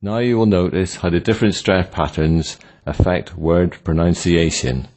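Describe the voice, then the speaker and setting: A man narrating a scripted pronunciation lesson, slowly and deliberately sounding out example words. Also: low voice, a little mellow. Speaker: pronunciation teacher.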